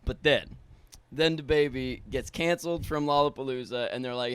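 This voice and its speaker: A man's voice: medium pitch, normal speed, fairly bright tone, clean tone. A young man co-hosting a podcast in casual chat, swearing a lot and laughing, opinionated. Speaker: podcast co-host.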